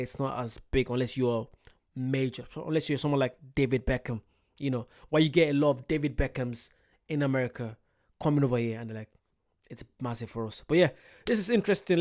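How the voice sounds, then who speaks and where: A man with an English accent, rambling and joking in a casual reaction chat. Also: mid-range voice. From England. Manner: animated, chatty and rambling, quick to joke. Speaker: reaction video host.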